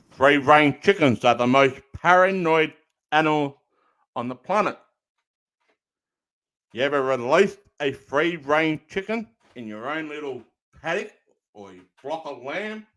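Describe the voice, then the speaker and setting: A man's voice: fairly high pitch, lively intonation, unhurried, long pauses, fairly bright tone. A man casually rambling as he hosts a stream, repeating himself while he looks for the next clip. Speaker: streamer reacting to clips.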